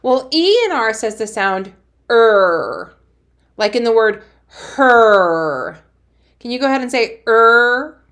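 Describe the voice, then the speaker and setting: A woman's voice: fairly high pitch, expressive, slow, fairly bright tone. A woman teacher giving a cheerful phonics lesson to young children, sounding out letters and praising them.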